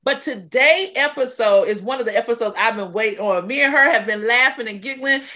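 A woman's voice: on the high side, brisk, sharp tone, lo-fi sound. A woman hosting a podcast interview in a casual, hype, effusive way, using Southern slang. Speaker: podcast host.

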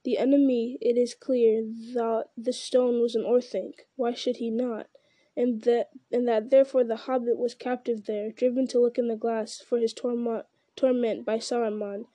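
A woman reading aloud voices a commanding old wizard, grave and measured. The voice sits a little high, with a very mellow, warm tone and a dry, close sound. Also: little pitch movement, no echo, close to an everyday voice. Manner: grave, measured delivery that rises to urgent cries. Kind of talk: reading a fantasy novel aloud.

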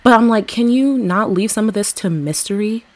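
A woman's voice: mid-range voice, moderate pace, darkish tone, dry recording. A young woman co-hosting a comedy podcast, brash and profane, acting out the voices she quotes. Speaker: podcast co-host. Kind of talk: casual comedic chat.

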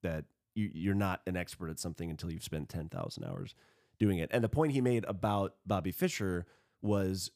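A man hosting a church podcast in casual chat, chatty and rambling, quick to laugh. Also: low voice, sing-song, a little mellow. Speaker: podcast host.

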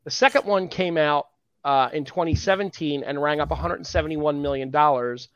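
A man's voice: a little high, normal speed, fairly bright tone, clear, resonant tone, dry recording. A man co-hosting a casual geek news podcast, reading out rankings and joking with his co-host. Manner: jokey, reads out rankings and news items. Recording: dull lo-fi sound.

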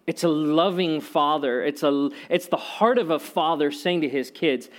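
A man's voice: fairly high pitch, moderate pace, hardly any pauses. A man preaching a sermon in a conversational way, telling personal stories with humor and repeating key phrases for emphasis. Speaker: pastor.

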